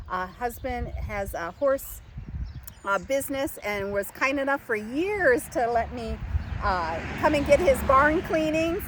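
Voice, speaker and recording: A woman's voice: fairly high pitch, a little hiss or hum, rough recording. An older woman gives a rambling, casual how-to chat outdoors in her home garden, full of fillers and restarts, speaking to a camera she set up herself. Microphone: camera set up and angled by herself.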